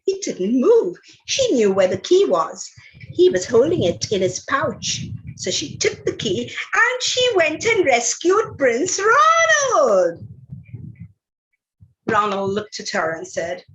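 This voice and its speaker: A woman lecturer telling a children's story aloud in an animated, dramatic way, then speaking about storytelling. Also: takes it slowly, poor audio. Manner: dramatic, expressive read-aloud with big pitch leaps.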